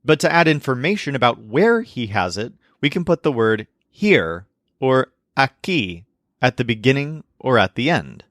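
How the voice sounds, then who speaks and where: A man narrating a scripted language lesson with a lively, rising-and-falling voice. He explains things clearly and slows down for each example. The recording is dry and close, with no room sound. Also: mid-range voice, no echo. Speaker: language teacher.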